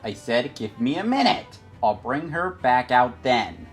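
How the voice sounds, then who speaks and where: A man's voice: mid-range voice, big pitch swings, a little slow, faint music behind. A man voicing an impatient teenage boy hero who answers curtly and dryly.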